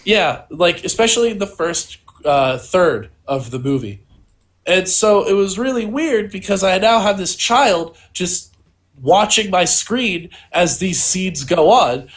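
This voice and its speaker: High-voiced young man spinning tall tales. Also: animated, a little slow, a bit bright. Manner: rambling, absurd storytelling with lots of "like". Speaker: podcast co-host and stand-up comedian. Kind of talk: casual podcast chat.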